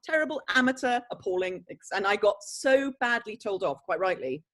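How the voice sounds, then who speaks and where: Animated actress telling stories. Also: female voice, mid-range voice, fairly quick. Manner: animated storyteller, breaks into laughter. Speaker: actress guest. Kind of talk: conversational interview, anecdotes.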